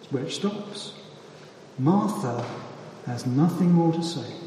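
Guy preaching slow and careful, lots of pauses, long reverb like a big church, faint background hum. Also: fairly high pitch, animated. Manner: measured, deliberate delivery with emphatic pauses. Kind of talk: sermon. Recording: echoey hall from far off.

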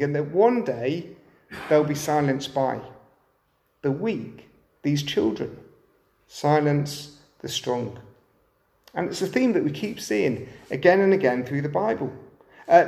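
A man's voice: fairly high pitch, darkish tone, echoey room. A man preaching a sermon, often turning to the listeners with rhetorical questions.

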